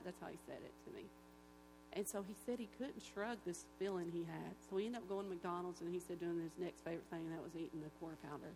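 At a church gathering, a woman gives an emotional personal testimony fast, in a lowish voice. She tells it with animation, acting out the voices of the people involved, in an echoey hall with a faint hum.

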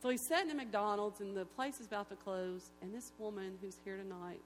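A woman at a church gathering tells her personal testimony in an animated, emotional way, acting out the voices of the people in her story. Her voice sits at a middle pitch and carries through a hall with a long, echoing reverb and a faint hum underneath. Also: a little fast. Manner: animated storyteller who acts out quoted voices. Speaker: guest giving a personal testimony.

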